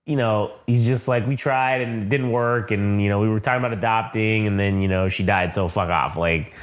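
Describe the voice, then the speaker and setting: A man co-hosting a casual show review, recapping the plot in a loose, profane way and acting out quick quotes. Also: fairly low pitch, steady tone. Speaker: podcast co-host.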